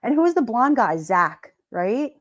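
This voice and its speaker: A woman's voice: fairly high pitch, very animated, unhurried, no echo. A woman hosting a live stream, chatting casually and rambling with her viewers, often giggling.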